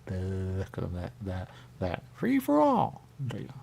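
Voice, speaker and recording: A man's voice: sits low, wildly swooping pitch, measured pace, creaky, darkish tone. A man hosting a radio show, rambling comically and repeating himself, often breaking into silly voices.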